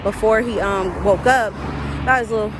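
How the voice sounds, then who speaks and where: A woman talking through a casual, emotional TV episode recap, shrieking at big moments and dropping to quiet murmurs at sad ones. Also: mid-range voice, moderate pace. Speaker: TV recap vlogger. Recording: steady background traffic noise.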